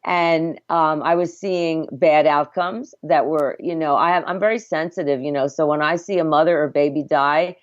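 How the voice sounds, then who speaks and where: A middle-aged midwife and former obstetric nurse, with a lowish voice, earnestly reflects on her story as a podcast interview guest, often restarting sentences. She speaks at a moderate pace with hardly any pauses, and the dry audio is a little dull and lo-fi.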